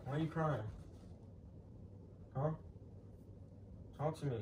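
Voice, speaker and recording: A man's voice: fairly high pitch, takes it slowly. A young man in a casual argument at home, talking in a teasing, slangy, laid-back way. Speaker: prankster vlogger. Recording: roomy, distant and noisy.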